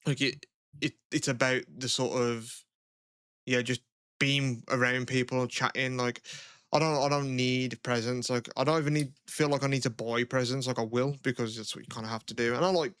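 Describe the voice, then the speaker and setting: A man's voice: mid-range voice, flat delivery, moderate pace, a bit bright, clear, resonant tone, no room sound, studio quality. A man co-hosting a podcast in casual chat, rambling, with a lot of "like" and swearing. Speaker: podcast co-host.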